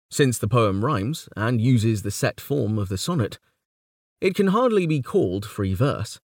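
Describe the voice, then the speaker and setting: Measured male audiobook narrator, lively pitch. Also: dry recording, studio quality. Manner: measured reading, reciting verse quotations with feeling. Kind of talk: scripted narration of a book on poetry.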